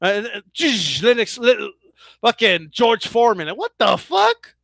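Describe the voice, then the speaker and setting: A man's voice: sits high, very animated, unhurried, creaky, a bit bright, no echo. A man ranting in a casual vlog as a boxing commentator, swearing freely, stumbling into restarts and keeps asking his viewers "right?". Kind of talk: casual opinion rant.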